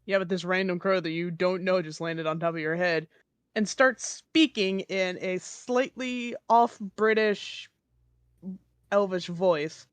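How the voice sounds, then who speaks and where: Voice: medium pitch, fairly even intonation, unhurried, smooth, dry recording. A game master narrating a tabletop game, describing scenes with some hesitation and fillers.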